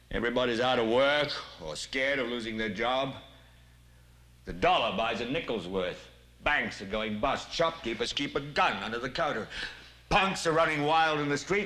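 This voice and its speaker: An actor playing a furious male television news anchor who builds from a grim lecture into shouting, in a dramatic film monologue. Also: medium pitch, moderate pace, close to an everyday voice. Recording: film audio with long reverb.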